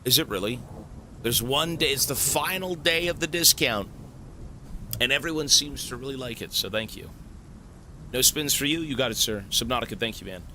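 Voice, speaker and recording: Excitable swearing male streamer, bright voice. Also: medium pitch, normal speed, a little hiss or hum. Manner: excitable, swearing, shouts in surprise. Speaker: Twitch streamer. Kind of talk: live stream chat with viewers.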